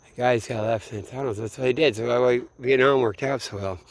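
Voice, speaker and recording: A man's voice: medium pitch, brisk, no room sound. A man from Minneapolis in a meandering, late-night solo monologue, swearing freely and often trailing off mid-thought. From Minneapolis, USA. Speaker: vlogger.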